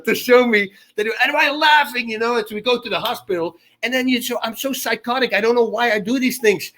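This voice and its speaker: A man telling stories as a radio interview guest, his voice pitched high with a sharp, forceful edge. He rushes through run-on anecdotes and laughs often. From Netherlands. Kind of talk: animated storytelling in a casual interview.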